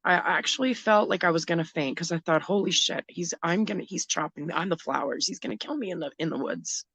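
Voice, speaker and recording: A middle-aged woman recounting a frightening personal story as an interview guest, halting and emotional, often restarting her sentences. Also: fairly low pitch, fairly bright tone, husky, dry recording.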